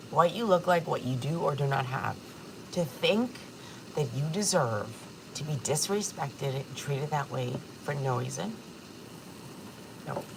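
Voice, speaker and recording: A woman's voice: deep voice, vocal fry, noisy background. A woman in her forties hosting a casual livestream from her kitchen, talking candidly and emotionally and swearing freely, close to tears. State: tearful. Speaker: livestream host. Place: home kitchen.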